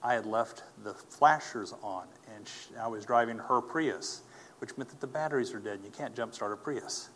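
A man telling a personal faith testimony as a story, earnest and animated, acting out the people he quotes. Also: medium pitch, normal speed, slight background noise. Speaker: speaker giving a personal testimony.

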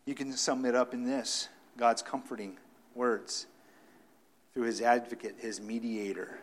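A man delivers a sermon at a middle pitch, talking it through without a script. He stumbles into restarts and fillers, then lands hard on key words before dropping to quiet asides. Plain and direct, a preacher working through his point out loud. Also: steady tone, a little slow. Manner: swings between loud emphatic stresses and quiet asides.

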